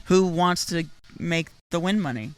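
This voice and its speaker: A woman in her thirties, a fighter guest, chatting casually and warmly with lots of "like" fillers. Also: lowish voice, a little slow. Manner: friendly, upbeat, says "like" a lot. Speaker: guest, wrestler and MMA fighter. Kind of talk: casual interview chat.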